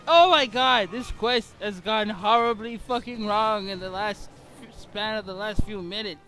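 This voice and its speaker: A man giving excitable gameplay commentary while sick with a bad cough, breaking into frequent exclamations. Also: sits high, measured pace, faint music behind. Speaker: gamer.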